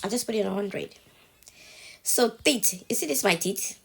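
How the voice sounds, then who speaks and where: Creaky and husky, this mid-range female voice moves at a measured pace. Nursing a cold, a TikTok tutorial maker chats through a casual phone walkthrough at home and keeps checking on the viewer after every step.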